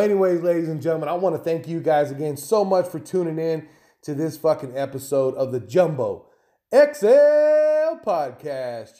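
A man's voice: mid-range voice, warm tone. A man hosting his own podcast in a loose, rambling, profane way, chatting casually on his own. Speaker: podcast host. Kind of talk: casual solo podcast talk.

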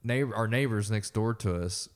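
A man's voice: on the low side, normal speed. Blunt, swearing young man ranting. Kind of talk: casual chat.

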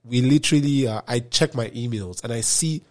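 A young man from Nigeria, a podcast guest telling a story in casual chat, swinging between loud outbursts and low muttered asides. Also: brisk.

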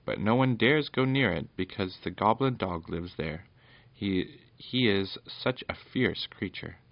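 A fretful, mournful storybook companion, voiced by a man reading aloud. He worries over every danger in a deep, gravelly tone. The recording is dry and slightly muffled. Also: expressive, measured pace, no echo. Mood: nervous. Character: nervous small helper Popoff, mournful.

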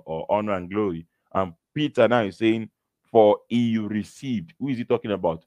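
A man preaching a sermon, reading Bible verses slowly and with emphasis, then explaining them. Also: lowish voice, a little mellow, no echo. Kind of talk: sermon teaching from scripture.

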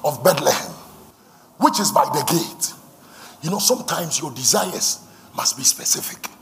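Gravelly high-voiced preacher. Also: male voice, animated, moderate pace, a little hiss or hum. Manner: fervent and repetitive, leading call-and-response. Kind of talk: sermon.

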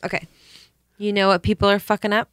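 A woman co-hosting a podcast in casual group chat, playful and quick to joke. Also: mid-range voice, level tone, a bit bright, clean tone, no room sound, clean studio sound. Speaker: podcast co-host.

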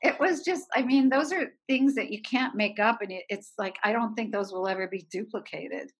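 Woman, 60s, from Erie, film producer guest, lively storyteller, laughs often. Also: medium pitch, normal speed, slightly rough. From Erie, Pennsylvania. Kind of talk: anecdotal storytelling.

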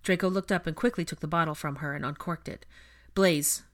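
A woman narrating a fan fiction audiobook in a steady storytelling manner. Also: deep voice, quick pace. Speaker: audiobook reader.

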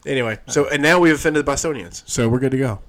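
A man's voice: mid-range voice, fast. A man co-hosting a casual podcast chat, blunt and outspoken, swearing freely. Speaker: podcast co-host.

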